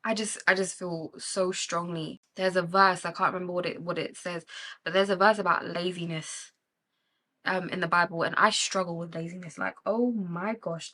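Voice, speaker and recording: A woman's voice: on the low side, steady tone, normal speed, sharp tone. A young woman with a British accent chatting candidly while doing her makeup, talking with emotion about faith and living with intention. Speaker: beauty vlogger.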